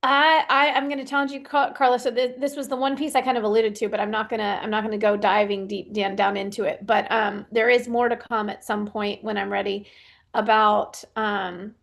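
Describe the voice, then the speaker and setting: A woman's voice: mid-range voice, flat delivery, brisk, vocal fry. A woman coach giving casual advice about young athletes. She talks in a chatty, loose way, full of "like" and "you know", and often acts out the kids she describes. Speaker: youth sports performance coach. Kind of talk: casual advice talk, answering a question.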